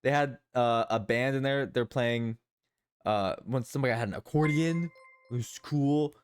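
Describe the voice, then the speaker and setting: A man's voice: medium pitch, normal speed, a little hiss or hum. A man streaming live, chatting casually and rambling, often repeating his own phrases.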